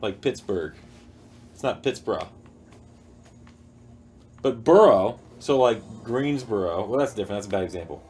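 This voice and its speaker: A man's voice: fairly low pitch, animated, unhurried, pauses often, darkish tone, slightly rough. Rambling playful male stream host. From United States. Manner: playful, rambling, reads chat aloud. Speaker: livestream host. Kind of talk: casual livestream chat. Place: indoor studio room.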